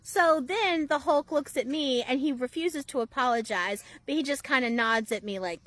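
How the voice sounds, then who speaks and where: A woman telling a story in a casual, animated, chatty way, often laughing. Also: high-pitched, a little slow, no echo. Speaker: storyteller, process server.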